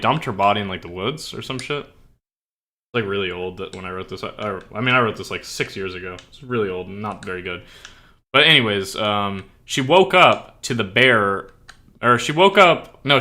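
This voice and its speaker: A man chatting on a stream in a rambling, casual way, packing his talk with "like" fillers and stopping to correct himself. His voice is bright and forceful, at a middling pitch.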